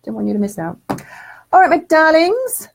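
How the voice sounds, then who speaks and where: A woman's voice: high-pitched, huge pitch swings, moderate pace, vocal fry. A woman hosting a casual live stream, reading out viewer comments in a chatty, affectionate way and calling viewers darling. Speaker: spiritual development teacher hosting a live stream.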